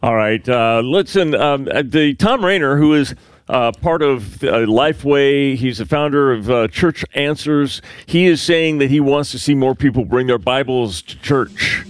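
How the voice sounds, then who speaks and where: A man's voice: medium pitch, unhurried, smooth, no room sound. A man co-hosting a radio show in casual chat, with many fillers. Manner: hesitant, filler-heavy. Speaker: radio co-host.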